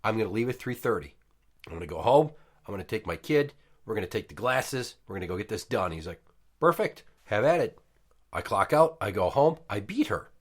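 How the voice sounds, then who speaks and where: A man's voice: lowish voice, a little fast, husky. Man, thirties, podcast host, swearing storyteller, voices other people in the story. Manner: profane, animated, acts out quotes. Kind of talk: casual storytelling.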